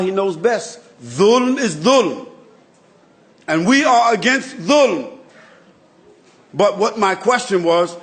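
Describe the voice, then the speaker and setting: A man with a high-pitched voice delivers a religious lecture. He speaks emphatically, like a preacher, and builds his points through repetition. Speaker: Islamic lecturer.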